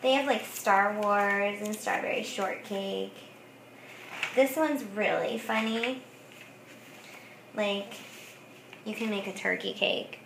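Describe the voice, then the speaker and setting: A woman's voice: mid-range voice, slow, vocal fry, pauses often, background noise. A woman craft vlogger chatting casually about thrift finds, giggling often and saying "like" a lot. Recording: echoey room.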